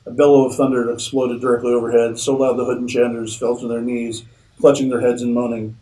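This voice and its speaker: Mellow-voiced man reading his fiction aloud. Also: mid-range voice, flat delivery, a little fast, slight background noise, poor audio. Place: convention reading room.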